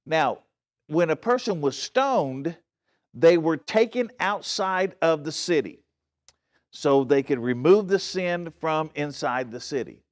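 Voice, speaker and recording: Taking it slowly, a pastor with a fairly high, animated voice gives a Bible study sermon in church. He talks earnestly with emphasis, checks in with his listeners often, and repeatedly restarts and corrects himself.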